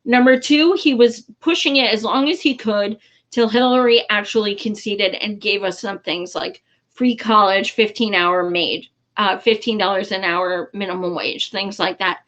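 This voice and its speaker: A woman's voice: medium pitch, normal speed, a bit bright, highs cut off. A woman giving casual, frustrated political commentary in a vlog, blunt and swearing freely, with many fillers.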